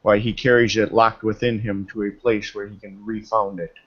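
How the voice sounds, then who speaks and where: A man's voice: fairly low pitch, little pitch movement, normal speed, fairly bright tone. A man playing a formal, honor-bound male mystic elder who speaks in archaic phrasing with a slight foreign lilt. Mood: grave, measured. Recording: dull lo-fi recording.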